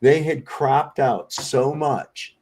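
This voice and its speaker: Over a home streaming setup, a livestream host from Virginia chats casually, spinning profane stories and laughing a lot. His mid-range voice is steady, slow and somewhat dark.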